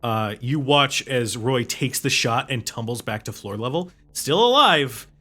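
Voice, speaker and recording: A man's voice: mid-range voice, steady tone, normal speed, bright, forceful tone. A man running a tabletop game as game master, narrating casually, with hesitant fillers and frequent laughs.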